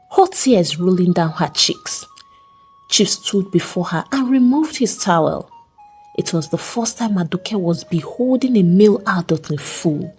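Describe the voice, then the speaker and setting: A woman narrating a folktale in a dramatic, unhurried storytelling manner. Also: on the low side, darkish tone, slightly rough. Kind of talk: scripted narration. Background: faint background music.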